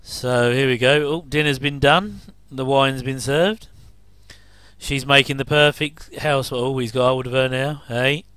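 A man's voice: medium pitch, fairly even intonation, a little slow, a bit bright, clean tone, no echo. A middle-aged man giving a chatty, jokey commentary over a TV episode. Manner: chatty, jokey asides with chuckles. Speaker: commentary host. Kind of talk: casual watch-along commentary.

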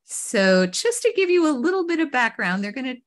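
A woman's voice: sits high, very animated, a little fast. A woman from Queens hosting a live online talk show over a video call, enthusiastic and effusive, often restarting her words. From Queens, New York. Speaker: host.

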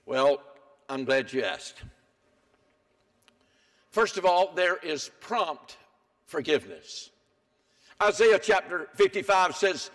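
Older man, pastor, high voice, church sermon, hushed then emphatic. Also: big pitch swings, slow pace, pauses often. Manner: dramatic swings between hushed and emphatic. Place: church sanctuary.

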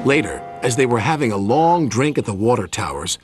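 An American man narrating a children's story in a warm, expressive way. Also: medium pitch, fairly quick, noisy background. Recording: narration over music.

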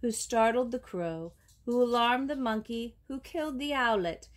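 A woman voicing a stern male lion king in a storybook reading, speaking in a measured, commanding way. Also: a little high, expressive, voice pushed up, close to an everyday voice.

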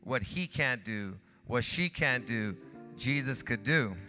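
A man who is a pastor, preaching a sermon in an animated way that rises to shouts. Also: medium pitch, slow, long reverb tail, soft background music.

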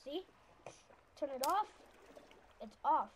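A woman narrating her own gameplay in an excitable, stammering way, often yelling at enemies. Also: high-pitched, slow pace, a little hiss or hum. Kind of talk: let's-play commentary. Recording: loud game sound behind the voice.

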